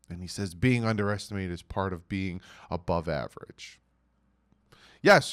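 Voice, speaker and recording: A man giving casual sports commentary in a vlog, animated and mocking, reading out quotes with emphasis. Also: lowish voice, clean tone. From United States.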